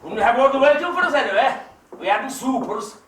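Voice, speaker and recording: A man with an Irish accent playing a loud, teasing, scheming countryman in an amateur stage play, heard from far off on an echoey stage. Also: very high voice, lively intonation, fast talker. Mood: boisterous. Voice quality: teasing, boisterous and pushy. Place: theatre stage. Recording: echoey stage recorded from far off with faint hiss.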